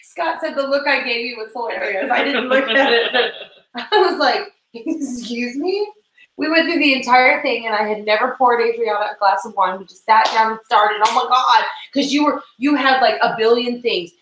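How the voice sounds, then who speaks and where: A woman's voice: a little high, fairly bright tone, echoey room, low-quality recording. A woman co-hosting a casual livestream chat, rambling and giggling as she talks. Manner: giggly, rambling, quick asides. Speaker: co-host. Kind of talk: casual chat while cleaning tack.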